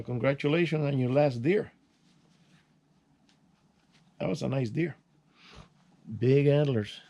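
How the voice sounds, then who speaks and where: An older retired man hosting his own channel, telling hunting and fishing stories in a casual, rambling way while he works on a small project. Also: dark tone. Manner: rambling, folksy, with restarts and sound words like "boom". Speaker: channel host. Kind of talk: casual vlog storytelling while working.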